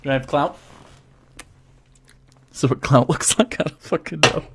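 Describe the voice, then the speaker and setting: A man's voice: fairly high pitch, normal speed, fairly bright tone, husky. A man hosting a casual live stream, reading viewer messages aloud and joking around with lots of swearing and restarts.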